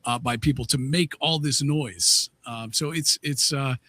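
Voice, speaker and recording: A man hosting a political podcast, talking in halting bursts with many restarts. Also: medium pitch, sharp tone, slightly rough. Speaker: podcast host. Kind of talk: casual political podcast talk.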